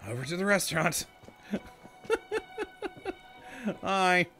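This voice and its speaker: A man commenting as he plays a game, chatty and easily amused, laughing between his lines. His pitch is lively and swings up high whenever something surprises him, from a mid register that sits right in the middle for a man. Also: moderate pace. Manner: chatty, amused, laughs often and talks to himself. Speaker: gaming channel host. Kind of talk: casual let's-play commentary.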